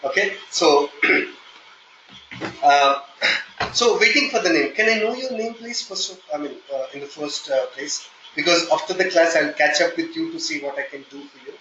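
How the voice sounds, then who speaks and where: A man with an Indian accent teaching a live online software testing class, explaining step by step and checking in with "okay?". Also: fairly high pitch, unhurried, roomy sound, highs cut off, slight background noise. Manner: explanatory, repeats "okay?" often, hesitant fillers when flustered. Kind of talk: live online training session.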